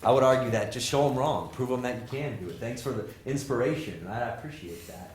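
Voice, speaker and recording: A man, a professor, giving a lively motivational talk to students, joking and asking the audience questions. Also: medium pitch, quick pace, slight background noise. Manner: animated, jokey, asks the audience questions. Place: lecture hall with audience. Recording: roomy hall sound.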